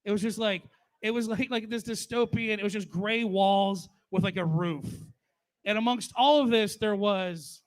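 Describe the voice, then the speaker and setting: Forties male stand-up comic with a high voice; crude, profane, chatty tribute storytelling. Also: moderate pace. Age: 40s. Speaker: stand-up comedian.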